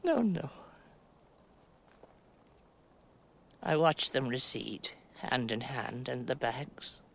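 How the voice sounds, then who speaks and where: An actress playing Winnie, a rambling middle-aged woman trapped in a mound, in a halting theatrical monologue that sinks to near-whispers. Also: a bass voice, sing-song, creaky, slight background noise, full character voice. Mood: wistful. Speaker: stage actress.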